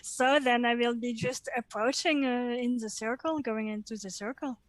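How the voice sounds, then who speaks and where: A woman playing a tabletop game, relaxed and giggly. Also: a little high, normal speed. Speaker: player.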